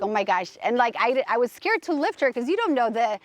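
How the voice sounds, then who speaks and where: In a very noisy recording, a woman host races through a personal story in a sing-song, slightly high voice, brisk and with few pauses. She is casual, gushing and emphatic, rambling along with many restarts and fillers.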